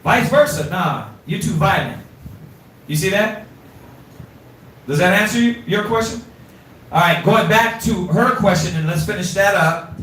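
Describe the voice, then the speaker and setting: A man teaching an informal scripture class, animated and streetwise, quizzing his students, recorded from afar in an echoey room. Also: high voice, normal speed, long pauses, far from the mic, slight background noise.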